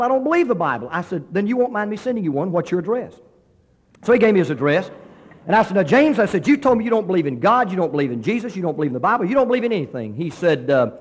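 Fast-talking preacher in a reverberant hall. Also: male voice, fairly high pitch. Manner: animated storyteller acting out quoted dialogue, with frequent restarts. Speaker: pastor. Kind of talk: sermon storytelling.

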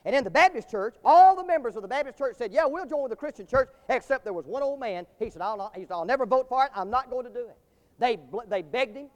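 High-voiced preacher in an echoing hall. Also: male voice, expressive, fast talker. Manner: preaching with a swelling cadence, rising to loud climaxes. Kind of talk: sermon. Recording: long hall reverb.

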